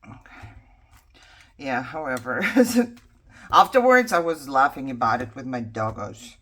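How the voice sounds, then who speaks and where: A woman chatting casually while she crafts at home. She laughs often and drops to quiet muttering as she works. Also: rumbling low, expressive, unhurried, long pauses. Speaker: craft journaling vlogger.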